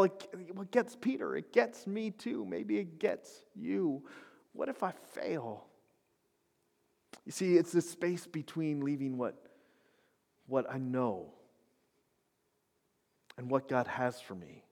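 A man preaching a sermon as pastor, dropping to whispers and rising to shouts. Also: on the high side, very animated, takes it slowly, gravelly, pauses often. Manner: swings from hushed whispers to loud shouted climaxes. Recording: long hall reverb.

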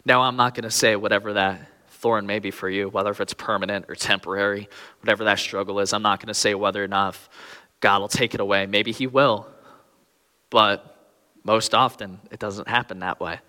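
A man's voice: lowish voice, fairly even intonation, brisk, sharp tone, long reverb tail. A young man preaching a sermon in an earnest way, his voice rising when he pleads.

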